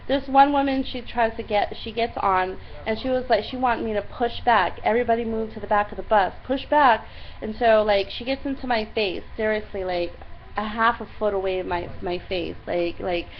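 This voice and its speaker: A young woman casually telling a diary-style story, retelling it with lively exasperation and quoting herself often. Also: medium pitch. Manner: animated, exasperated retelling with many "I'm like" quotes. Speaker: vlogger. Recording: slightly dull lo-fi recording with faint hiss.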